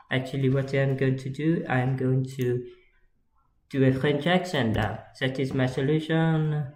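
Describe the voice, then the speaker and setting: A man's voice: mid-range voice, measured pace, a little mellow. A man giving casual livestream commentary as he models, rambling and joking and muttering to himself as he works. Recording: echoey room with faint noise. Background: keyboard and mouse clicks.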